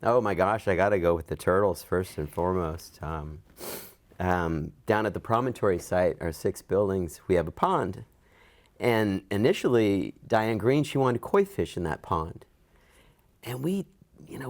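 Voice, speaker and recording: Middle-aged guy telling a story in an interview, lowish voice, bumps his pitch up to act out what people said. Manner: animated, acts out quoted dialogue with raised pitch. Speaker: interviewee, events program manager. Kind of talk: storytelling in an oral history interview.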